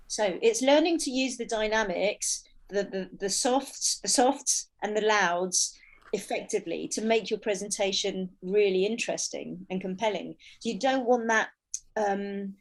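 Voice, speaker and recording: A woman voice and performance coach speaking in an interview, expressive and demonstrating loud and soft delivery. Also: mid-range voice, unhurried, poor audio.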